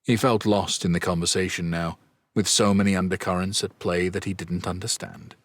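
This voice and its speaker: A man narrating a fantasy audiobook in a steady, even storytelling manner. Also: deep voice, normal speed, dry recording. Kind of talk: scripted narration.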